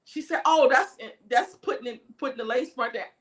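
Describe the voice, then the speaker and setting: A woman with a fairly high voice tells a story on her livestream in an animated rant. She swears freely and acts out every voice in the tale. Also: fairly quick, noisy background. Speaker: livestream host.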